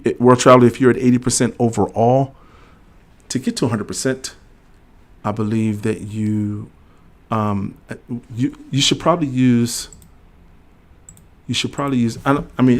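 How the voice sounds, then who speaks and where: A man's voice: mid-range voice, steady tone, moderate pace, long pauses. A middle-aged man hosting a livestream. He explains regulations casually, reads legal text aloud, and jokes with viewers in the chat. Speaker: host of a veterans' benefits livestream.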